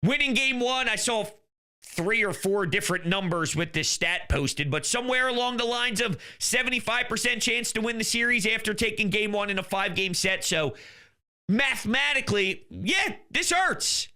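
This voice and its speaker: A young man hosting a sports talk show, ranting heatedly with bursts of shouting. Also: high voice, expressive, normal speed, clean tone.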